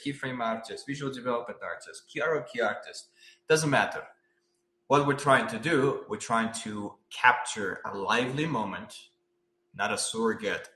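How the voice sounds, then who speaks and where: A man gives a live-stream lecture on storyboarding, animated and talking through a string of rhetorical questions. His voice is bright and forward. The room around him adds a noticeable echo. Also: medium pitch. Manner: animated, asks many rhetorical questions, uses "right?" often. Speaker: concept artist teaching storyboarding.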